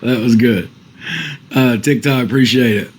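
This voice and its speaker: A man's voice: mid-range voice, fairly even intonation, a little slow, breathy edge, poor audio. A man on a casual livestream, reading out viewer comments and answering them defensively, with some swearing.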